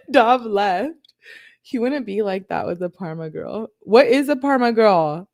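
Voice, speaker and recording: A woman's voice: on the high side, sing-song, takes it slowly, a little mellow, dry recording, clean studio sound. A woman who runs a true crime channel, reading a couple's text messages aloud and breaking in with sarcastic, laughing asides.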